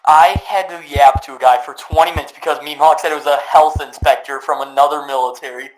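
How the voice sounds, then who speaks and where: A man's voice: a little high, fairly even intonation, fast talker, soft background music, poor audio. A young man hosting a casual podcast, telling crude, rambling stories full of swearing. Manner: crude, rambling, profane storytelling. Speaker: podcast host. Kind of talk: casual gaming podcast chat.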